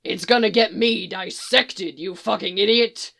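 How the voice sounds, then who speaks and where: A woman voicing a brash, foul-mouthed male magical firebird who talks loudly and sarcastically. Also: medium pitch, unhurried, creaky. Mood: angry. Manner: loud, sarcastic, swearing.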